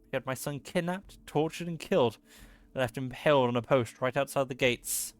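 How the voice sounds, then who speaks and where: A man's voice: mid-range voice, normal speed, close to an everyday voice. A man voicing a grieving, vengeful male town leader in a video game, speaking bitterly and hard.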